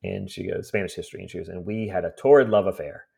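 Guy with a low gravelly voice telling stories about clearing out old houses, does little voices for people. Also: quick pace. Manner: animated storyteller, acts out voices. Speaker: estate cleanout business owner. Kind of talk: storytelling in a conversation.

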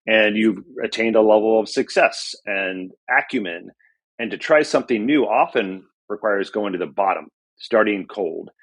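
The guest, a middle-aged author and journalist, has a voice on the low side with a slightly bright quality. Reflective and given to storytelling, he uses frequent fillers throughout the conversational interview.

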